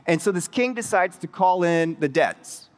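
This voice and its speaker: A man giving a sermon as pastor, telling a story in a conversational, animated way with excited asides. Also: high-pitched, normal speed. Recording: reverberant hall.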